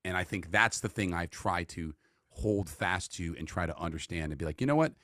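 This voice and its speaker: A man's voice: low-pitched, expressive, fairly quick, sharp tone, no room sound, clean studio sound. A man with a New York accent, a guest on a podcast, talking earnestly and with profanity about life. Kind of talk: casual reflective chat.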